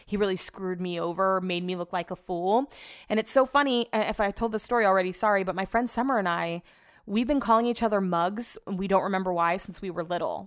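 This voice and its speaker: A woman hosting her podcast alone, rambling in casual chat and swearing now and then. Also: mid-range voice. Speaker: podcast host.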